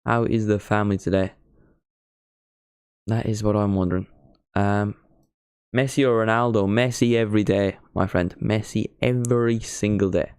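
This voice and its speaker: This is an Irish teen, accent and all, making casual, self-deprecating live-stream chat while he hosts a football watchalong. He speaks at a normal speed with long pauses, in a lowish, fairly even voice that's darkish, clear and resonant. There's no room sound, just clean studio audio.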